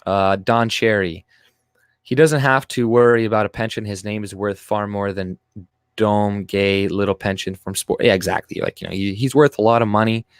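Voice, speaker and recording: Low-voiced profane man ranting on stream. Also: steady tone, normal speed, clear, resonant tone, dry recording, clean studio sound. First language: French. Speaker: livestream host. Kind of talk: casual livestream chat, reading comments aloud.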